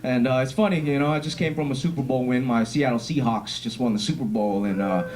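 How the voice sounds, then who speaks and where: A young man doing a stand-up comedy set on a club stage, with a punchy, swaggering delivery. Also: fast talker. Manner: punchy, swaggering delivery with lively pitch swings.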